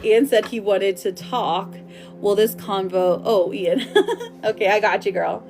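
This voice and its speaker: A woman's voice: medium pitch, lively intonation, measured pace, over music. A woman giving a live-streamed tarot reading in a chatty, affectionate way, calling her viewers darling and my love. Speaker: tarot reader.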